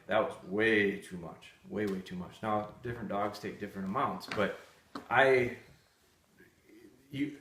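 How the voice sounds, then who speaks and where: A man's voice: on the low side, fairly bright tone. A man hosting a live dog-training session, answering viewer questions in a candid, blunt, storytelling way. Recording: echoey room.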